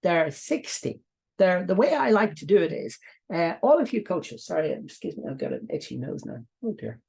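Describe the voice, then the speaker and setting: A middle-aged coaching trainer with a Dublin Irish accent leads a live online session. The voice is gravelly and a little husky, sitting in a middle register. The delivery rambles and repeats itself, with frequent side remarks. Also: medium pitch, sing-song, moderate pace, a little mellow. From Ireland. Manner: rambling, repetitive, breaks off into asides.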